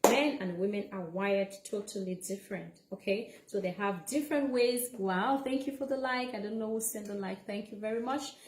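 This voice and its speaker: A woman's voice: medium pitch, normal speed, few pauses, darkish tone, echoey room. A woman livestreaming relationship advice in a casual, earnest way, repeating her points and checking in with "okay?".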